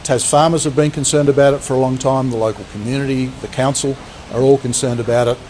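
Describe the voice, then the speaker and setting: Firm politician, faint traffic behind. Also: male voice, mid-range voice, fairly even intonation, fast talker, a little mellow, rough recording. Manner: firm with hesitations. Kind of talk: news interview clip. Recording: outdoor clip with faint traffic.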